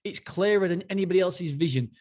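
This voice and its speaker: A podcast host reviews a book on his own in a casual, enthusiastic ramble, often cutting himself off and restarting sentences. He talks fast with a high-pitched voice and a darkish tone.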